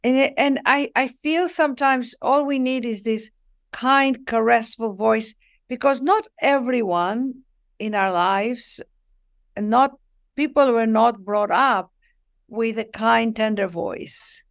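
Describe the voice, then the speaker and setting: Expressive woman, slightly high voice. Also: takes it slowly. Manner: expressive, lingers on key words, acts out little dialogues. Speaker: guest author and speaker. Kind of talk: warm spiritual interview talk.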